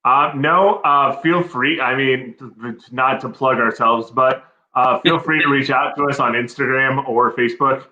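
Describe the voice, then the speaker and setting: A man's voice: mid-range voice, fairly even intonation, moderate pace, few pauses, bright, forceful tone, echoey room. Earnest rambling man, slightly dull audio. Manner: rambling with many fillers and restarts, earnest. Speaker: guest. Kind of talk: casual chat.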